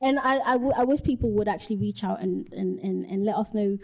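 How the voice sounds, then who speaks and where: A young woman, co-hosting a podcast, talking in an animated, emphatic way. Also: mid-range voice, fairly quick, vocal fry. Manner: animated, emphatic, repeats herself. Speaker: podcast co-host. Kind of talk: casual podcast chat.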